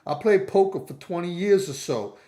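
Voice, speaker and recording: A man with a slightly high-pitched voice, chatting loosely on a stream. He rambles from one anecdote to the next, often slipping into other people's voices. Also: expressive, normal speed, dark tone. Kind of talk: rambling casual chat.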